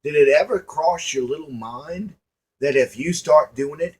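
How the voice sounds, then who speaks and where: A man's voice: fairly high pitch, measured pace, husky. A man giving a preachy motivational monologue to his viewers, folksy and emphatic, repeating lines and asking rhetorical questions. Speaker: online commentator.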